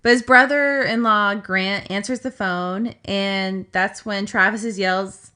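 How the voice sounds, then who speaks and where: Woman podcaster, bright voice, chatty storytelling, lots of likes and asides. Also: medium pitch, steady tone, slow, smooth. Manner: chatty, filler-heavy retelling with asides. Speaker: podcast co-host. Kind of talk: casual storytelling chat.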